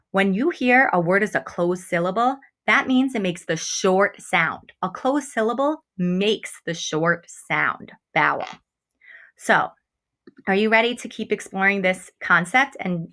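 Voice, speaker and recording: A woman teaching a remote phonics lesson to young children. She is encouraging, speaks straight to her students and stretches out example words slowly. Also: medium pitch, sharp tone. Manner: slow, exaggerated enunciation of example words. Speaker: first grade teacher.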